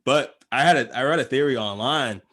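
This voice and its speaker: An animated man co-hosting a podcast, his voice at a middle pitch. He riffs in loose, profane banter and keeps cracking himself up. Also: brisk. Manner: animated, profane, breaks into laughter. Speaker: podcast co-host.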